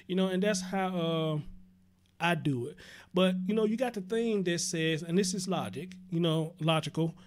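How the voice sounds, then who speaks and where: Brief: male call-in host, high-pitched, blunt, profane. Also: moderate pace. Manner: blunt, profane, laughs loudly. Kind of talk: casual call-in radio talk.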